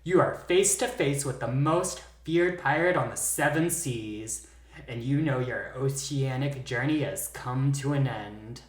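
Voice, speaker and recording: A man's voice: medium pitch, unhurried. Playful male podcast host, echoey room. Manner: playful, teasing, theatrical narration. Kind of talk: casual chat with dramatic storytelling.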